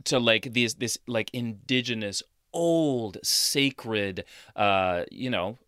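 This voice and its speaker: Man co-host, halting casual chat, bright and dry. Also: mid-range voice, clean tone, no echo. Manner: halting, full of "like". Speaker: podcast co-host.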